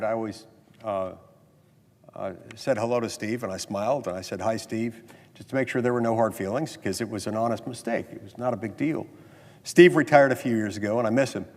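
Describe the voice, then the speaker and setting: A man from Utah, a senator giving a floor speech, folksy and self-deprecating in the story, then emphatic in the argument. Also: on the low side. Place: legislative chamber. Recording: long reverb of a large chamber.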